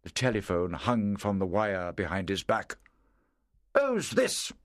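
A man narrating a story in a measured, clear reading voice. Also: low voice, fairly even intonation, dry recording, studio quality.

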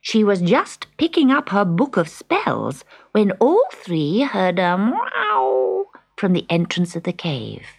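Slow, expressive woman storyteller. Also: mid-range voice, gravelly, slightly rough. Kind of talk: storybook narration. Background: music.

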